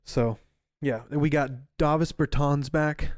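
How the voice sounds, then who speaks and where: A man's voice: on the high side, fairly even intonation, slow pace, dry recording, clean studio sound. A young man co-hosting a podcast, talking sports in a laid-back way with slang. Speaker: podcast co-host. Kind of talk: casual chat.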